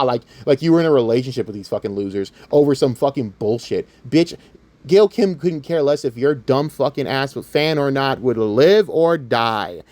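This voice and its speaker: Angry commentary host, male, swearing nonstop, voice swinging wide, pitched a touch high. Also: expressive, normal speed, a little mellow, no echo. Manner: profane, heated, taunting. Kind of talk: angry rant to camera.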